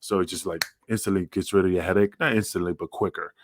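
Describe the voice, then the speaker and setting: A man's voice: steady tone, quick pace, dry recording, clean studio sound. A man, a former wrestler, telling rambling, profane stories in a casual podcast chat. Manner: profane, rambling, acts out quotes in a higher voice.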